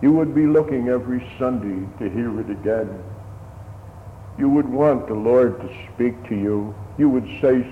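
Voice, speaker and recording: A man preaching a sermon slowly and solemnly, building to raised emphasis at times. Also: medium pitch, a little hiss or hum. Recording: tinny phone-like sermon recording in an echoey hall.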